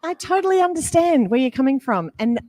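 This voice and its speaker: A woman's voice: high-pitched, sing-song, a little fast, a little mellow, a little hiss or hum. A woman playing an empathetic studio owner. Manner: understanding, reassuring. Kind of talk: role-play exercise.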